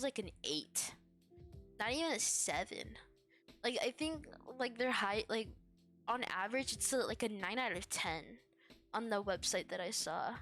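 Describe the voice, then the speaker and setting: A woman's voice: mid-range voice, fairly bright tone. A woman streamer chatting casually and rambling. She is tired and yawning, giggles often, and uses lots of fillers. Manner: giggly, filler-heavy, meandering. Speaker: VTuber streamer.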